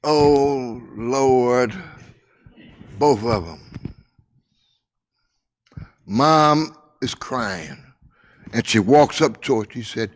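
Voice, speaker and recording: Older guy telling a story real slow, lots of pauses, goes quiet and soft at the tender bits. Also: mid-range voice. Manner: slow, drawn-out telling with repeated phrases and dramatic pauses; drops to a hushed voice at tender moments. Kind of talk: personal storytelling.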